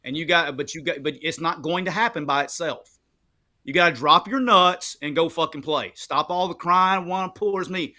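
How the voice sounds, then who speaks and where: A man gives a blunt, profane rant in the voice of a locker-room coach. His voice sits a bit high and hits hard and forcefully. He barks orders at the players. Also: normal speed. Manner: fiery, profane rant full of coach-style commands. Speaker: former player turned analyst. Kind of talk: postgame show chat.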